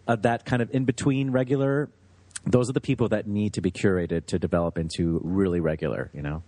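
A man's voice: lowish voice, steady tone, a little fast, dark tone, dry recording. A man who runs a restaurant, chatting animatedly in a podcast interview, a German native speaker telling stories and laughing easily. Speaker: restaurant owner.

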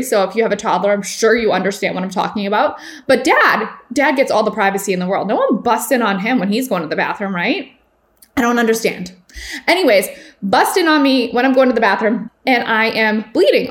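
Chatty woman host, thirties, slightly high voice, loose, filler-laden storytelling. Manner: chatty, filler-heavy, laughs while telling stories. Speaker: podcast host. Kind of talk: casual chat, storytelling.

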